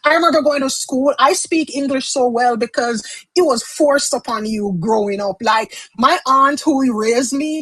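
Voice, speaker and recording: A Jamaican woman with a high voice chats easily as a tarot reader, dropping into patois now and then. The sound is dry and close, with no room echo. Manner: chatty, switches into patois phrases, laughs often. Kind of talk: casual livestream chat.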